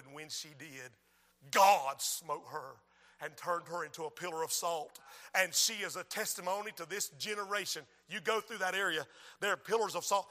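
A male pastor preaching a sermon in a church, moving between quiet lines and shouted appeals. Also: high voice. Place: church sanctuary.

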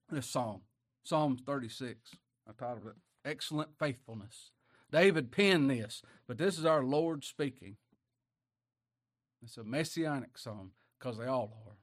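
Country preacher guy, folksy, gets quiet then loud and emotional. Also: mid-range voice. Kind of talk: sermon.

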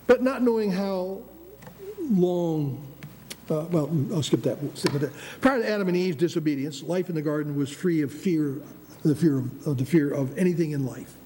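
Man, Upper Peninsula accent, sermon, higher voice, mellow dark tone, long hall reverb, faint background noise. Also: moderate pace. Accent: Michigan Upper Peninsula. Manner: emphatic, repeats phrases, stumbles on words. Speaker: preacher.

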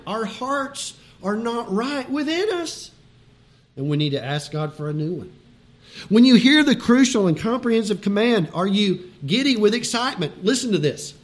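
A man preaching a sermon in a conversational, emphatic way, with chuckles between his points. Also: high-pitched.

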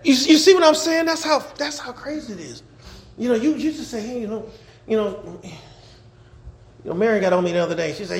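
A man preaching a sermon as pastor, animated, laughing and shouting at times. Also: extremely high pitch, normal speed, gravelly, reverberant. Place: church.

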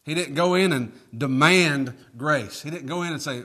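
A man's voice: a little high, a little fast, few pauses, sharp tone. A man preaching a sermon, reading scripture aloud and asking folksy rhetorical questions with emphatic rises.

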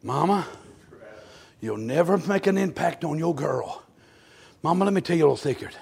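High-voiced preacher, fervent. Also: male voice, expressive, normal speed, creaky, a little mellow, husky. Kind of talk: revival sermon. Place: church sanctuary.

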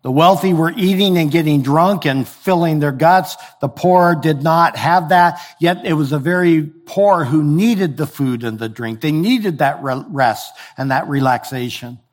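A man's voice: on the high side, unhurried, few pauses. A man preaching a sermon in a conversational way, explaining scripture with everyday examples. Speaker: pastor.

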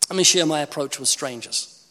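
A man's voice: fairly high pitch, brisk. A man, giving a humorous preaching talk on evangelism and acting out conversations. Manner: animated, humorous, acts out conversations. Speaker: evangelist speaker. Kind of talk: preaching talk with acted dialogues. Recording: echoey hall reverb.

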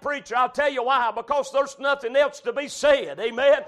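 A man preaching a revival sermon in a church, shouting and crying out at the peaks, then dropping to a murmured "amen". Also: very high-pitched, steady tone, normal speed, few pauses.

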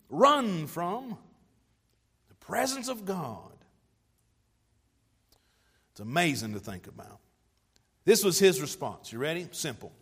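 A man preaching a sermon with emphatic delivery, stretching and rushing words for effect. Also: on the high side, big pitch swings, breathy edge. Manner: emphatic, varying pace and loudness for effect. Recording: long hall reverb.

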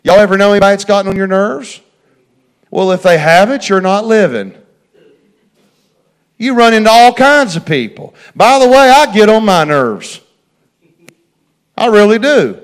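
A man's voice: sits high, sing-song, normal speed, pauses often, clear, resonant tone. A middle-aged man preaching a folksy sermon, repeating phrases and talking straight to his congregation. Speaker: pastor.

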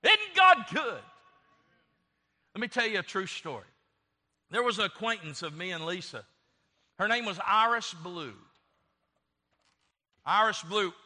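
A man's voice: sits high, pushed and bright. A man preaching a sermon, telling a story with fervent, emphatic delivery and acted-out dialogue. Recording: long reverb of a large hall.

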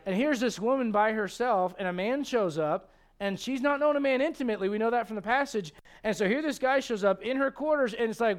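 High-voiced animated male pastor. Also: fast talker, smooth. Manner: animated, joking, acts out quoted voices. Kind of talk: sermon.

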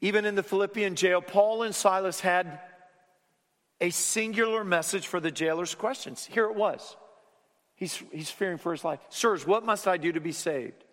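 A man preaching a sermon, rising to loud emphatic lines and then dropping to hushed, low endings. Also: normal speed. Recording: long hall reverb.

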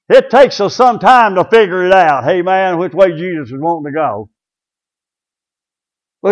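Folksy high-voiced preacher. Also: male voice, sing-song, moderate pace. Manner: folksy, calls out to congregation, swings between shouting and low murmurs. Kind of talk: sermon.

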